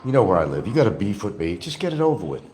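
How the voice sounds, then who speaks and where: An older man rants on a livestream in a low, dark voice that leaps around in pitch. He turns combative, veering from loud outbursts to low muttering, with a faint hiss of background noise. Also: big pitch swings, very fast. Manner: combative, swings between shouting and muttering. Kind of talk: ranting livestream monologue. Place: island town, outdoors or at home.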